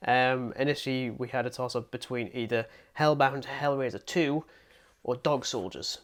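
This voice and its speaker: An English man co-hosting a film podcast in a loose, rambling chat. He drifts through his thoughts with plenty of "um"s and self-deprecating asides. His voice sits at an ordinary middle pitch. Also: fairly even intonation, moderate pace. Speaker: podcast co-host. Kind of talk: casual film review chat.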